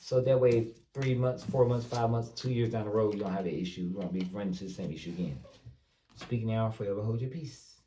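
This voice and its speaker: Guy doing a tarot reading, kinda low mellow voice, talks right at viewers, a bit far off the mic with faint hiss. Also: a little fast. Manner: loose, repeats himself, talks straight to viewers. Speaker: tarot reader. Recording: roomy, distant mic with faint noise.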